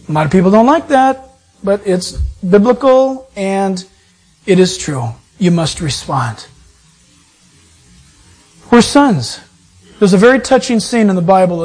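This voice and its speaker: Pastor guy preaching, husky breathy voice, lots of repeating for emphasis. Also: high-pitched. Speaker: pastor and Bible teacher. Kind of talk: sermon.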